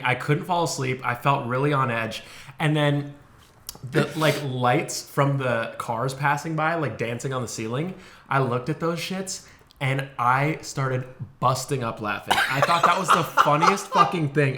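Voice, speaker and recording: A man co-hosting a podcast, telling an animated, laughing story in casual chat with frequent swearing. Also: medium pitch, normal speed, background noise. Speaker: podcast co-host.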